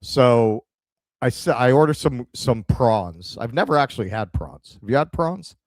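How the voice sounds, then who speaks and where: A middle-aged man with a New York accent, co-hosting a casual chat and telling a story with animated quoted dialogue. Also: mid-range voice, a little slow, no echo. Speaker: podcast co-host.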